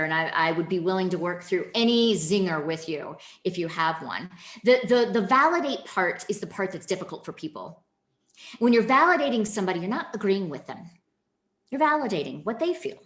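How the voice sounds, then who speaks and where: Woman, keynote speaker, lively up-and-down pitch, roomy echoey sound, direct teaching manner. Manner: animated, direct teaching to the audience. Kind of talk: virtual training presentation. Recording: echoey room.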